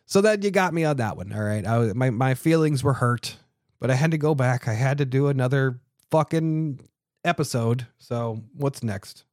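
A man's voice: medium pitch, moderate pace, a little mellow, no echo, clean studio sound. A man hosting a casual podcast alone, rambling and mocking himself, with frequent swearing and restarts. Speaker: podcast host.

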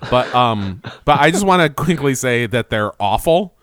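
Guy on a podcast going over a cartoon episode, lively up-and-down voice, laughs a lot, dry sound. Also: mid-range voice, moderate pace, dry recording. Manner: rambling, laughing, quoting characters in goofy voices. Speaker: podcast co-host. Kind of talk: casual chat recapping a cartoon.

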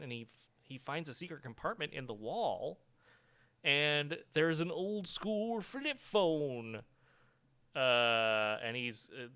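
Bright, smooth-voiced man chatting. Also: medium pitch. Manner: chatty, laughs often, many fillers and self-corrections. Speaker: podcast co-host. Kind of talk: casual chat reviewing a TV episode.

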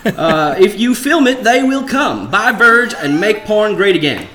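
A man's voice: high voice, sing-song, unhurried, background noise, pitched above the performer's own voice. Give me a man playing a brash Southern-accented crypto salesman who rambles and chuckles. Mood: hyped.

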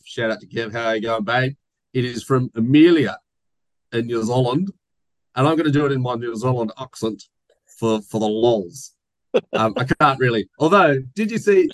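Aussie podcast host, jokey rambling bloke, mid-pitched voice, close dry mic. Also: male voice, dry recording, poor audio. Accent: Australian. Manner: rambling, joking, reads listener mail. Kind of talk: casual chat.

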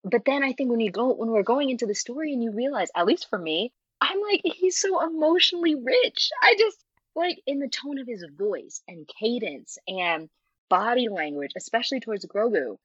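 A woman guest in a casual chat, talking in an animated way with frequent laughs and filler words. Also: fairly high pitch, normal speed, slightly rough, dry recording. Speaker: interview guest, fanfiction writer. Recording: muffled lo-fi audio.

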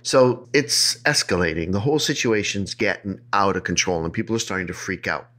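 A man with a fairly low voice tells a creepy legend on a podcast. His delivery is playful and loose, and he slips jokes and silly asides into the story. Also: fairly quick, sharp tone. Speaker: podcast host telling a legend. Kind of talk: casual storytelling chat.

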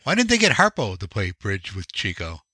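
Low-voiced man, dry close recording. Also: brisk, no echo. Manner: relaxed, opinionated, dry quips. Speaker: podcast co-host. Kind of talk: conversational film discussion.

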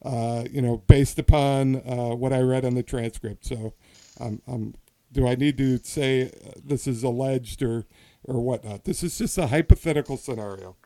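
A man's voice: medium pitch, steady tone, moderate pace, mellow. A man hosting a casual political comedy podcast, telling a rambling story that keeps interrupting itself. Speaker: podcast host.

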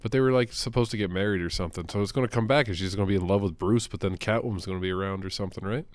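A man with a lowish voice races through casual comic book chat as a podcast co-host, with no room sound. He rambles, curses and cracks jokes throughout.

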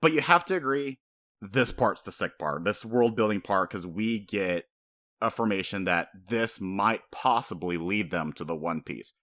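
A man co-hosting a casual podcast, talking fast and animated, laughing often and breaking into high-pitched impressions. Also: no echo, studio quality. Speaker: podcast co-host. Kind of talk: casual chat.

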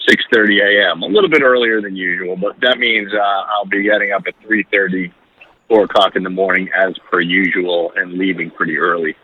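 A man on a phone call from inside a moving van, chatting casually in a quick, breezy way with fillers. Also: fairly low pitch, dry recording. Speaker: podcast co-host. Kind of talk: casual chat. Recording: phone line, breaking up.

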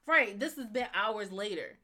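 A woman co-hosting a podcast in casual chat, animated, blunt and opinionated. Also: medium pitch, a little slow. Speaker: podcast co-host.

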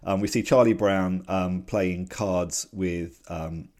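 Very low-voiced chatty man. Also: steady tone, slow, a little mellow. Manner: chatty, giggly, many fillers. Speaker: podcast co-host. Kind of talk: casual comic-strip discussion podcast.

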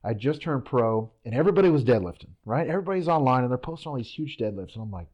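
Male pro athlete guest, mid-pitched, relaxed and chatty, drops "man" and "dude". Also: very fast, few pauses, dull audio. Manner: easygoing, laughs often, says man and dude. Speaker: professional Highland Games athlete guest. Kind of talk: casual interview chat.

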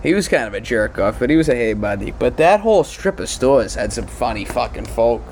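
A man's voice: medium pitch, expressive, fairly quick, a little mellow, slight background noise. A young man in casual conversation who laughs often and tells crude, joking stories. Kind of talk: casual podcast chat.

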